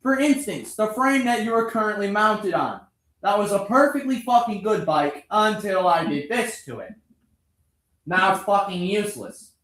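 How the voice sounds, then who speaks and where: His high voice carries lively intonation at normal speed, slightly bright, in a reverberant room. The man is a vlogger working on a motorbike, ranting to the camera as he wrenches, swearing constantly, sarcastic and angry at the engine that won't start, somewhat out of breath.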